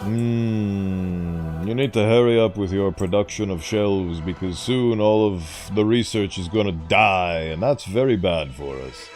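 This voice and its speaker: Brief: male gaming commentator, slow and drawn out, playful grandiose asides over light music. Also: deep voice, darkish tone. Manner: theatrical, mock-grand asides. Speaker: gaming YouTuber. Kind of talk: casual gameplay commentary.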